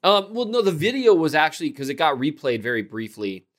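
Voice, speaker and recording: A man talking on a casual sports podcast in a quick, rambling way, full of "like" and "you know". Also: a little high, big pitch swings, a bit bright. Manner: quick, rambling talk with fillers. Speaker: podcast co-host.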